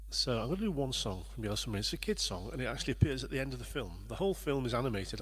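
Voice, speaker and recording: A livestream host and performer greets viewers by name, chatting casually and rambling a little. His voice is husky and on the low side.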